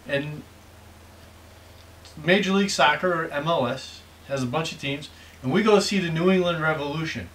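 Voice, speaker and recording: Bright-voiced middle-aged American dad, teasing. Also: male voice, fairly high pitch, poor audio. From United States. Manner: rambling, teasing, jokey. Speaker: father and video host. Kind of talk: casual snack-tasting chat.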